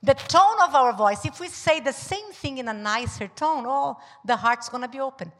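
High-voiced woman preaching in a reverberant church. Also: moderate pace. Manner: animated, acts out little scenes, laughs often, shouts at times. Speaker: pastor preaching with her husband. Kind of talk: sermon. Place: church hall. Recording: long hall reverb in a church.

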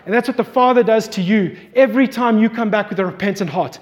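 High-voiced man preaching in a hall. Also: quick pace. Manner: storytelling, acts out voices in quotes. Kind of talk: sermon. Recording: long hall reverb.

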